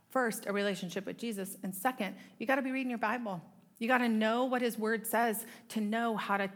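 Middle-aged woman, women's ministry speaker, chatty Bible teaching, mid-pitched voice, joking asides. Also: a bit bright. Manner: chatty, self-deprecating asides to the audience. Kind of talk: conversational Bible teaching talk.

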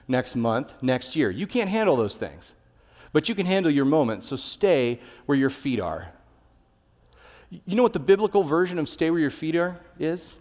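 A man's voice: a little high, darkish tone. A young adult male pastor giving a sermon in a candid, conversational way, sharing personal stories. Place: large church hall. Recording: long reverb of a large hall.

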